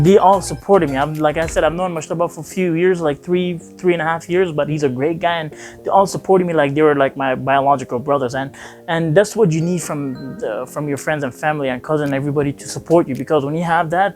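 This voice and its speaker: A young man from Afghanistan tells a long personal story in a casual vlog, rambling and acting out dialogue with lots of "he like" and "I'm like." His voice is a little high with a steady tone and a fast pace, and faint music plays behind him.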